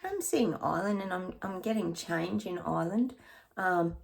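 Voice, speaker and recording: A woman's voice: on the low side, normal speed, creaky. A woman psychic chatting through her predictions in a rambling, casual way, sometimes dropping to a near-whisper.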